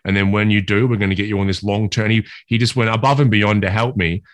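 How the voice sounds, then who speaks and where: Low-voiced man telling stories. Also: fairly even intonation, fast talker, no echo. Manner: candid, sweary, storytelling about recovery. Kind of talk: casual podcast chat.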